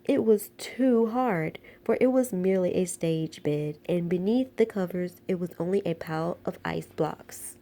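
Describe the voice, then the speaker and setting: Woman reading a kids book out loud, playful, warm mellow voice. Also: on the low side, unhurried, few pauses. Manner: expressive, playful. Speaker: storyteller. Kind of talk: picture book read-aloud.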